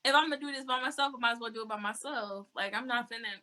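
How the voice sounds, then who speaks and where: Blunt, bright-voiced woman guest. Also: a little high, very fast. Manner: blunt and outspoken. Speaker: interview guest. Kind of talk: casual interview talk.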